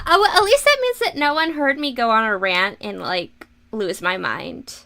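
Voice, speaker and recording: A woman's voice: high voice, expressive, moderate pace, hardly any pauses, pushed and bright. A young woman streaming live while she draws, chatting in a rambling, self-mocking way and giggling often. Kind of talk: casual livestream chat while drawing.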